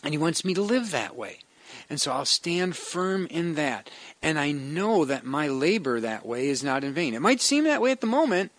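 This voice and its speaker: A male pastor speaks in an earnest, conversational way, restarting phrases as he goes. His voice sits a little high for a man. The recording is dry and close, with no room sound. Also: sing-song, normal speed, fairly bright tone, no echo. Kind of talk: devotional sermon with prayer.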